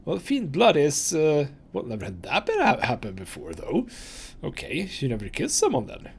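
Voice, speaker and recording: A man's voice: fairly high pitch, wildly swooping pitch, moderate pace, gravelly, a little hiss or hum, heavily acted. A man voicing a prickly young woman thief who talks bluntly and tags sentences with "it does". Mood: flustered.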